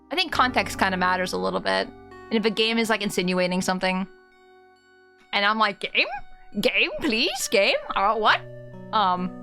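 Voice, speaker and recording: A woman's voice: medium pitch, fairly bright tone. A woman streamer in casual live chat with her viewers. She talks in a chatty, openly emotional way, straight to her chat. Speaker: game streamer. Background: faint game music.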